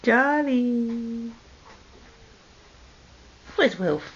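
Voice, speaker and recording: A woman's voice: on the high side, lively intonation, drawn-out words, breathy edge. A woman talks baby talk to her pet parrots at home, coaxing them and scolding them fondly. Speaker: pet owner. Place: home room with parrot cages. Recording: lo-fi 2008 home video with faint noise.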